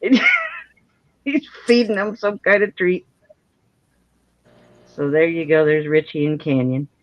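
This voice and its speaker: A woman's voice: low-pitched, lively intonation, measured pace, no echo. Woman, casual folksy artist guest, chatty and self-deprecating, dry lo-fi livestream sound. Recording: dry, dull lo-fi stream audio.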